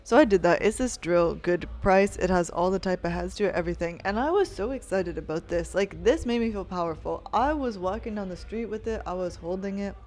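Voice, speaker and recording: A woman's voice: mid-range voice, lively intonation, brisk, few pauses, darkish tone. A woman hosting her own podcast, talking in a rambling, chatty way and often restarting her sentences while munching snacks near the mic. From Canada. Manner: rambling, chatty, self-interrupting. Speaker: podcast host. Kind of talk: casual solo podcast monologue.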